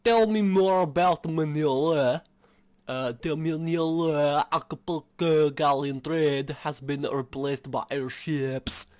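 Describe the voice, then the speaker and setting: A man's voice: on the high side, fairly even intonation, slow, a little mellow. A man voicing a fancy French-accented train passenger in a game, reading dialogue aloud in an exaggerated, formal manner.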